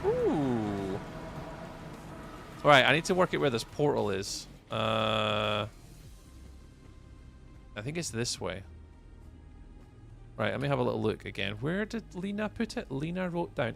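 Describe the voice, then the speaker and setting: A man's voice: mid-range voice, sing-song, takes it slowly, creaky, long pauses, a bit bright, faint music behind. A man with a Scottish accent giving chatty live gameplay commentary as a streamer, answering viewers' chat messages aloud. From Scotland. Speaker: livestreamer.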